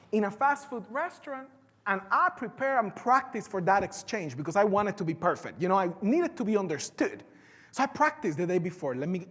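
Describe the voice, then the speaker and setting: A woman with a Spanish accent, a native Spanish speaker, giving a live conference talk in an animated, playful way and drawing in the audience. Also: mid-range voice. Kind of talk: live keynote presentation. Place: large conference hall. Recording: echoey conference hall.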